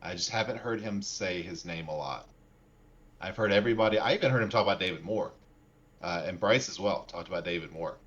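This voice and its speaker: Podcast co-host, male, very low voice, easygoing rambling delivery, dull lo-fi recording. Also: brisk. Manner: relaxed, rambling with fillers. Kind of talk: casual sports podcast chat. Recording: dull lo-fi mic.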